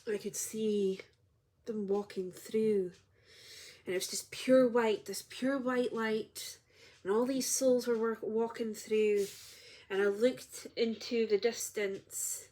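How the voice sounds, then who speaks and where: A woman's voice: on the high side, fairly even intonation, slow pace, dark tone. A woman who works as a spiritual healer tells a personal story in a heartfelt, reflective way on her vlog.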